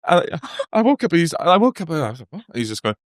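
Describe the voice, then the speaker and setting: A man, hosting a casual podcast chat and telling animated stories with acted-out voices. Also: on the high side, fast, dry recording, clean studio sound. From Wales. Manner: animated storytelling, acts out quoted voices. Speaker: podcast host.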